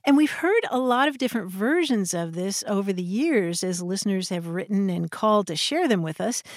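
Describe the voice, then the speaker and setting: A woman's voice: medium pitch, animated, normal speed, dry recording, clean studio sound. A woman co-hosting a radio show about language, playful and explaining word origins in an easy conversational way. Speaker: radio co-host. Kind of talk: casual radio chat about words. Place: radio studio. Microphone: studio mic.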